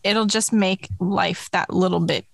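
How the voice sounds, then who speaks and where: A woman co-hosting a podcast in casual chat, reflective and halting, often restarting her words. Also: medium pitch, fairly even intonation, gravelly, dry recording. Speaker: podcast co-host.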